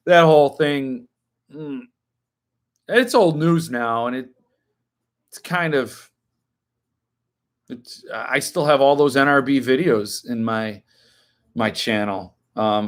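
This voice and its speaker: A man's voice: mid-range voice, takes it slowly, pauses often. A man in his fifties hosting a live stream, chatting casually as he answers viewers' comments and now and then flaring into indignant rants.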